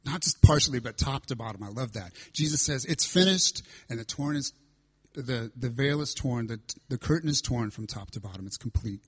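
Male preacher, husky voice, mid pitch, walks through scripture with dramatic weight. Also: brisk. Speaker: pastor. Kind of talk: sermon.

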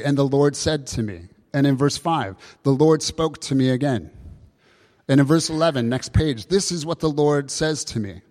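A man preaching a sermon, explaining scripture with lively emphasis and rhetorical questions. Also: medium pitch. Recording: long hall reverb.

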